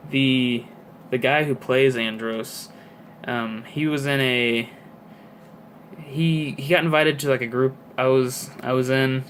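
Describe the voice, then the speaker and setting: A young man in his late twenties talks casually through his latest toy finds at a middling pitch. He rambles, loads his speech with fillers and drifts into asides. A faint hiss of noise sits under the recording. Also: fairly bright tone. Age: 20s. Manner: rambling, filler-heavy, chatty. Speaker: toy collector vlogger. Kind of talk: casual chat.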